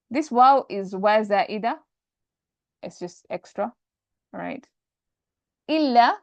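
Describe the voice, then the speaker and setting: A woman's voice: mid-range voice, vocal fry, no echo. A woman teaching an Arabic grammar class, explaining step by step and mixing English with Arabic terms.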